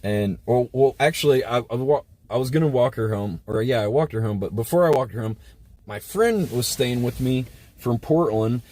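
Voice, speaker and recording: A man's voice: medium pitch, normal speed, dark tone. A man hosting a livestream, telling a crude story in a rambling, casual way with lots of filler words. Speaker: livestream host. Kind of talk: casual storytelling to a live chat.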